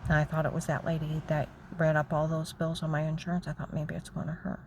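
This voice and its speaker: A woman telling a long, rambling, agitated story about her own grievances, repeating herself and acting out other people's shouting. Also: sits low, completely flat delivery, fast, slight background noise, low-quality recording. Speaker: storyteller recounting personal grievances. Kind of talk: rambling personal monologue.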